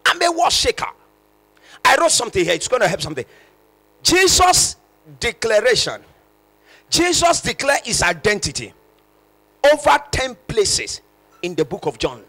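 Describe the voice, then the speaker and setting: A pastor preaching a sermon with impassioned, shouted emphasis and repeated phrases. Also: male voice, high-pitched, big pitch swings, moderate pace, pauses often.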